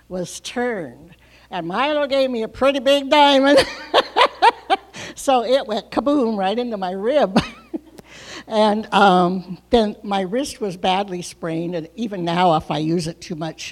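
An older woman telling a personal story in a lively way, laughing often and letting her pitch and volume rise and fall widely. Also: poor audio. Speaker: speaker sharing a testimony.

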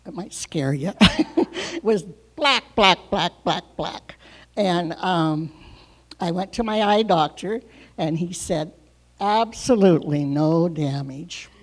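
An older woman telling a personal story in a lively way, laughing often and letting her pitch and volume rise and fall widely. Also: low-quality recording. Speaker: speaker sharing a testimony.

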